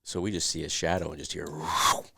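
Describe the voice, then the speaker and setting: A man taking part in a podcast chat, recounting a story in a low, casual way. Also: level tone, very fast, creaky, fairly bright tone, no echo, clean studio sound. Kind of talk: casual conversation.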